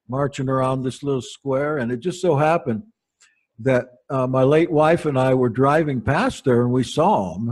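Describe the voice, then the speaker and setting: Unhurried man telling wry stories. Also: medium pitch, darkish tone. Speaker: pastor. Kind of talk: storytelling sermon.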